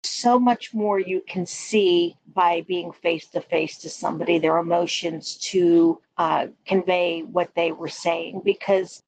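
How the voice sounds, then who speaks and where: A woman co-hosting a podcast, giving advice in an agreeable, measured way. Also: on the low side, fairly even intonation, darkish tone, dry recording, rough recording. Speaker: podcast co-host, nursing faculty. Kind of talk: conversational podcast discussion.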